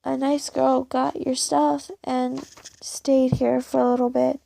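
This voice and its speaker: A woman voicing a gentle, worried little boy in a story reading, soft and concerned. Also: sits high, flat delivery, takes it slowly, creaky, no echo, heavily acted.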